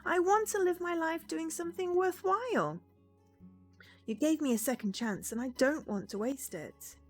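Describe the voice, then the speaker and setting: A woman's voice: very high voice, animated, moderate pace, faint music behind, voice pushed up. A woman voicing an earnest sixteen-year-old girl and her narration in a visual novel.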